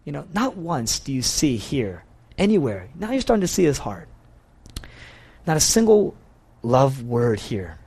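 A man's voice: medium pitch, sing-song, a little slow, pauses often, darkish tone, husky. A man preaching a conversational sermon, earnest and confessional, often restarting and saying "you know". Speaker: pastor.

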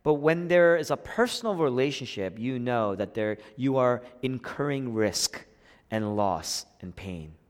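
A man preaching a sermon as a pastor, swinging between hushed, intimate lines and rising, emphatic passages. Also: medium pitch, lively intonation, measured pace. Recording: long hall reverb.

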